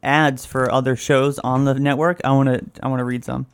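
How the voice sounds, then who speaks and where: A man co-hosting a podcast in casual chat, quick enthusiastic reactions. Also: medium pitch, level tone, smooth, no echo. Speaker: podcast co-host.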